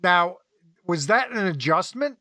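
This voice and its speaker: Jokey male host, high bright voice, dry close sound. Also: big pitch swings, a little slow, dry recording. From Philadelphia area. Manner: jokey, teasing questions. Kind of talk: casual interview chat.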